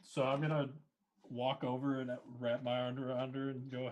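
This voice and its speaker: A man playing a tabletop game, speaking in a deadpan way. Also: medium pitch, moderate pace, highs cut off. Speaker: player. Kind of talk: casual tabletop play.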